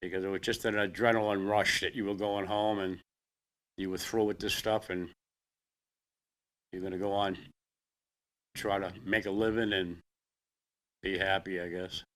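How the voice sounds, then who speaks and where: An older man with a Boston accent, a veteran telling his own story in a plainspoken, halting way. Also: sits low, flat delivery, fairly bright tone. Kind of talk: personal storytelling.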